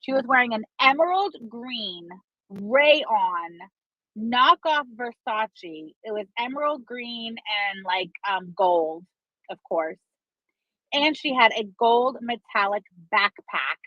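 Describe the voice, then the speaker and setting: A woman's voice: fairly high pitch, expressive, takes it slowly, dry recording. A woman telling a long gossipy story in a casual, dramatic and profane way, dragging out her fillers. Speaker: online commentator. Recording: dull lo-fi sound, dry.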